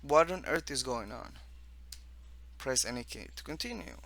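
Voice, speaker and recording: Speaking in a medium-pitched, animated, slightly bright voice, an East Coast American man casually walks through a text game he made. He reads the on-screen text haltingly, restarting phrases and tossing in asides.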